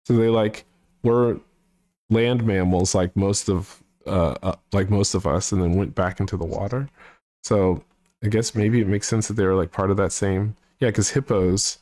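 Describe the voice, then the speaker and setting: A man's voice: fairly low pitch, fairly even intonation, normal speed, darkish tone, dry recording. A man hosting a casual chat, thinking aloud and correcting himself as he goes.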